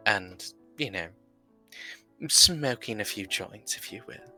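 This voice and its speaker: A man with a fairly low voice and a sharp, bright edge to it. He narrates his character's moves in a tabletop role-play, pausing often on "uh" as he thinks. There is faint music behind him. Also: expressive. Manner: narrates his character's actions with filler pauses. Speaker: tabletop game player.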